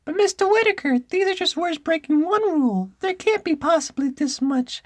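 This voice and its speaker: A woman voicing a young schoolboy with a very high-pitched, squeaky voice, eager and pleading with his teacher. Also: animated, moderate pace, dry recording.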